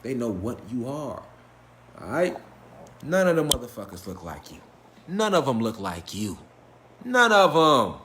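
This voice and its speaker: A man's voice: medium pitch, big pitch swings, moderate pace, pauses often, echoey room, background noise. A man giving a spiritual lecture to a live class, emphatic and profane, firing rhetorical questions and answering them himself. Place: lecture room with a live audience.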